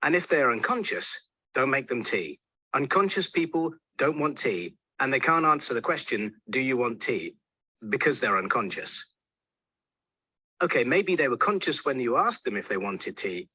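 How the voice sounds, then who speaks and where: Lively, bright-voiced man narrating wryly. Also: medium pitch, husky, dry recording. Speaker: video narrator. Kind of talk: scripted explainer narration.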